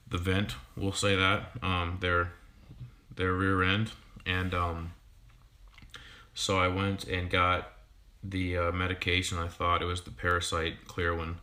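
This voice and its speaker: A man in his thirties, a fishkeeping YouTuber, chatting casually on a livestream in a halting way with many ums and restarts. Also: sits low, pushed and bright. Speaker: fishkeeping YouTuber and sixth-grade teacher.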